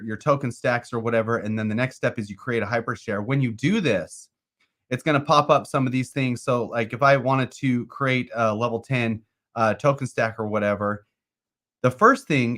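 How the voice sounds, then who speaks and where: In a casual crypto-investing chat, a male co-host rambles through an explanation of a process, filling it with "like" and "uh." He has a mid-range voice with a fairly bright tone.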